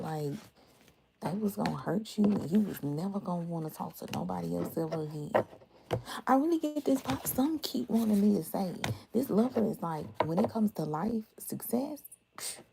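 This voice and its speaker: A young adult woman doing a casual tarot reading for her viewers, blunt, animated and full of swearing. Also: medium pitch, vocal fry, noisy background. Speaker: tarot reader.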